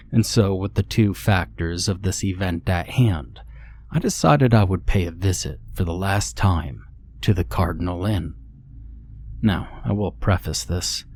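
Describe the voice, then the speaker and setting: Low-voiced man narrating a ghost story. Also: a little mellow, a little hiss or hum. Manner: measured, matter-of-fact storytelling. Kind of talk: scripted horror narration.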